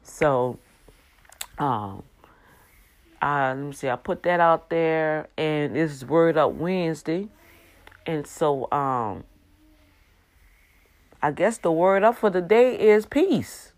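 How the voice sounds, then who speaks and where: Woman, fifties, low voice, animated and preachy faith vlog talk. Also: slow, long pauses. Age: 50s. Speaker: faith vlogger. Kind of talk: casual faith talk to viewers.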